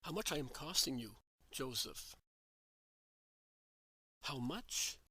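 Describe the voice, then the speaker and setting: A man voicing Mary, a tender, humble young mother, speaking in soft, sorrowful pleading in a devotional story reading. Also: mid-range voice, animated, takes it slowly, husky, no room sound, exaggerated voice.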